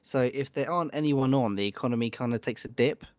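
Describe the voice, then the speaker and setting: A man's voice: medium pitch, fast, no room sound. A man co-hosting a casual gaming chat, rambling with lots of fillers and restarts. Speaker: podcast co-host.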